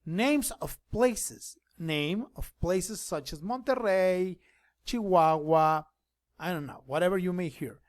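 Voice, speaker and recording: A man teaching an online class, explaining things slowly and switching between English and Spanish. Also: high voice, dry recording, clean studio sound.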